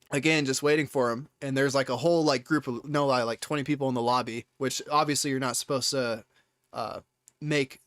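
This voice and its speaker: A young man streaming live, telling a story in a rambling, excitable way, with many restarts and casual swearing. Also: mid-range voice, no room sound.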